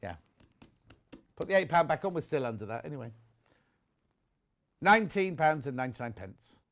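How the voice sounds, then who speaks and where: Chatty, excitable man presenting. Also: a little high, normal speed. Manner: chatty, excitable, jumps between asides. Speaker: shopping channel presenter. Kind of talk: live TV sales chat. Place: TV studio.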